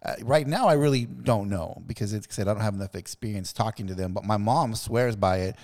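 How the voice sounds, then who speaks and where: A man's voice: fairly low pitch, quick pace, a little mellow. Curious male host with a long echo. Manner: curious, repeats his questions. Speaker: podcast host. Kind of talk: casual interview chat.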